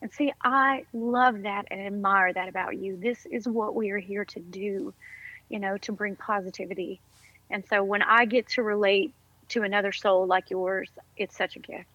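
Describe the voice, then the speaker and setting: A woman's voice: mid-range voice, fairly even intonation, moderate pace, bright, forceful tone, no echo, muffled recording. Woman, podcast guest, upbeat, effusive, encouraging, casual chat.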